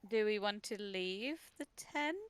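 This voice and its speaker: A woman's voice: medium pitch, animated, a little slow, smooth, no room sound. A woman chats eagerly as a player in a tabletop game session. Her voice sits mid-range and sounds dry and close, with no room around it. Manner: eager and chatty. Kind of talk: casual tabletop game chat.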